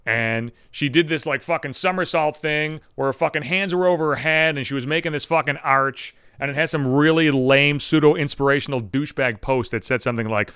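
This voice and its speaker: Man, podcast host, profane sarcastic rant, smooth clear voice, somewhat high. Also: animated, brisk, hardly any pauses, a bit bright, no echo, clean studio sound.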